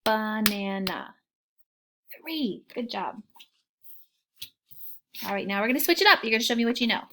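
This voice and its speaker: A woman teaching young children a phonics lesson, slow and encouraging in a sing-song way, with soft whispered asides. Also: a little high, lively intonation, noisy background.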